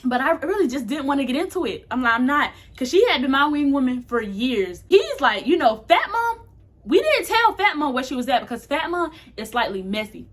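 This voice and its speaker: A woman's voice: high-pitched, a bit bright. A young woman casually telling a candid, slangy storytime to her camera. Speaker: vlogger.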